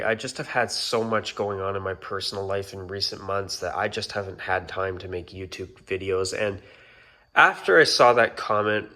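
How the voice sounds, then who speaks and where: Bright-voiced man ranting on a vlog. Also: on the low side. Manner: exasperated ranting, repeated apologies. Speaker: YouTuber. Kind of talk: casual vlog rant.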